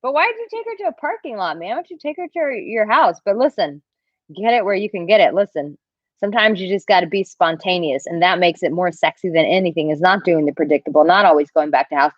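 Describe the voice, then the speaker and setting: A woman dating coach talking casually on a livestream, reading out viewer comments and answering them in an animated, chatty way. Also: on the low side, fast talker, no room sound, dull audio. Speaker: dating coach answering live chat questions.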